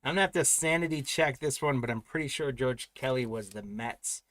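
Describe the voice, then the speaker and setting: A man's voice: mid-range voice, a little fast, a bit bright, no room sound. Upbeat man hosting a card break. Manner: upbeat, chatty, congratulates buyers by name. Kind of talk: live card break commentary.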